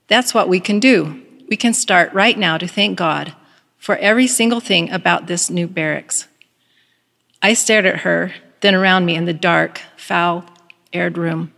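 A woman giving a devotional address, reading a story in a measured, earnest way. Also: fairly low pitch, gravelly, a bit bright, in a large hall. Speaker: devotional speaker.

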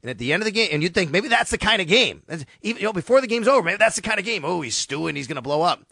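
A man talking sports on the radio in an animated, storytelling way, acting out quotes as he goes. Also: high voice, rapid-fire, dry recording, studio quality. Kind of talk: casual sports radio chat.

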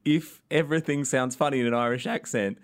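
A man's voice: medium pitch, a little fast, smooth. A man hosting a casual comedy chat at a festival, talking loosely and laughing easily. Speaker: interview host.

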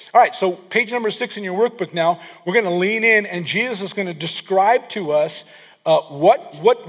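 High-voiced preaching man in a reverberant hall. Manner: emphatic preaching, leaning in, repeating words for stress. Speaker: pastor. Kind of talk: sermon.

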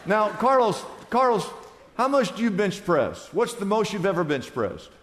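A man's voice: sits high, very animated, moderate pace, big-room sound, a faint crowd, slight background noise. A man pastor preaching a sermon to his congregation in a church, emphatic and asking them questions. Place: church sanctuary.

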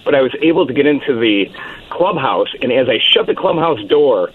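Male caller over a tinny phone line. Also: medium pitch. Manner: relaxed storytelling with "uh" pauses. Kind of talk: phone-in storytelling.

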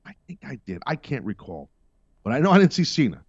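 A man's voice: mid-range voice, very animated, a little fast, breathy edge, no echo, muffled recording. A middle-aged man hosting a podcast, giving blunt, emphatic wrestling commentary with profane, sarcastic asides. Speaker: podcast host.

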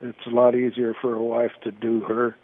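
An older man in his eighties talks in a measured, even way, with little movement in his pitch. He comes through a tinny phone line. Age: 80s. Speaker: guest, the host's father.

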